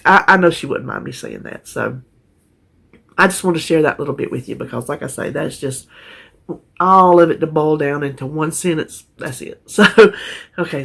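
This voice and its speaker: A woman's voice: low-pitched, creaky. A woman chatting casually to camera as a vlogger, talkative and heartfelt. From North Carolina, USA. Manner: chatty, warm-hearted, trails off and restarts.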